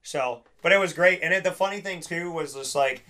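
Bright-voiced rambling male host. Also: on the high side, a little fast. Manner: rambling, restarts, lots of "like". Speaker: podcast host. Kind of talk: casual chat.

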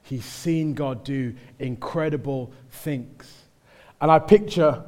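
A male preacher with a Mancunian accent, giving a conversational sermon that builds to loud exhortation in church. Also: on the high side, takes it slowly.

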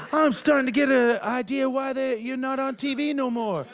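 A man's voice: very high voice, moderate pace, hardly any pauses. A man doing surreal stand-up comedy and chatting about his set, absurd and sweary. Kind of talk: surreal stand-up with interview chat.

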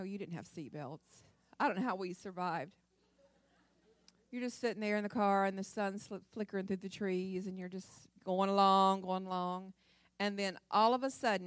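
A woman's voice: medium pitch, no echo, clean studio sound. A woman from Ohio giving a folksy, chatty personal testimony as a guest speaker at a church service. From Ohio, USA. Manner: folksy storytelling, chatty and lively, with many restarts.

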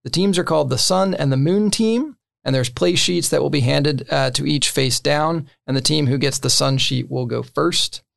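A man's voice: a little high, moderate pace, gravelly, few pauses. A man casually explaining the rules of a board game to friends, with many fillers and short laughs. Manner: relaxed, filler-heavy, laughs between points.

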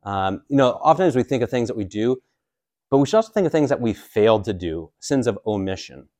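Man in his forties, priest, casual teaching, joking asides, average pitch, dry sound. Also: big pitch swings, a little fast, mellow, no room sound. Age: 40s. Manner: casual and joking, with many fillers. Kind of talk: teaching a catechism class.

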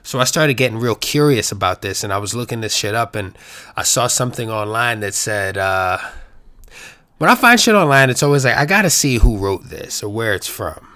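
A man's voice: on the low side, very animated, moderate pace, bright, forceful tone, no echo. A man hosting his own podcast, talking casually with profanity and rambling playful asides. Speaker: podcast host. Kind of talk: casual solo podcast monologue.

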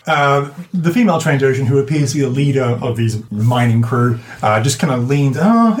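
A man narrating a tabletop game as game master, halting and descriptive. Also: medium pitch, expressive. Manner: descriptive, halting, many restarts.

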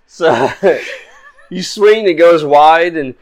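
A man's voice: fairly high pitch, lively intonation, takes it slowly. A man running a tabletop game as game master, easygoing and often laughing.

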